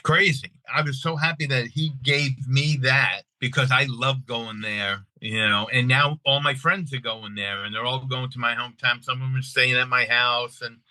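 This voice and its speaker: Bright-voiced animated man from Long Island. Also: mid-range voice, no echo, poor audio. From Long Island, New York. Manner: animated, restarts often, acts out quoted voices. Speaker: guest. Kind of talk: casual storytelling.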